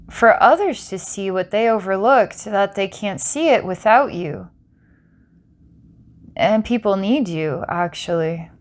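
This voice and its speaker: A woman doing a psychic reading for a client, rambling and breaking into giggles between intense passages. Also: medium pitch. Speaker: psychic reader.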